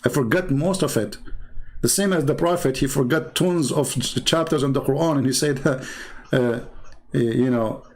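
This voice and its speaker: A man giving sarcastic commentary while reading from a website on screen, swinging between low mutters and high mocking exclamations. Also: moderate pace, low-quality recording. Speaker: religious debater.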